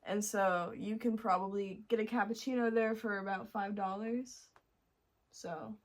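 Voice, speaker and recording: Young woman from Montreal, interview guest, relaxed and chatty, middle-pitched. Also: unhurried. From Montreal, Canada. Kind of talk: casual interview chat.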